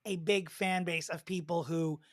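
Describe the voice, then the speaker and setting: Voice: medium pitch, fairly even intonation, a little slow, no room sound. Podcast co-host, emphatic ranting delivery, dry close sound. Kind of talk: casual chat.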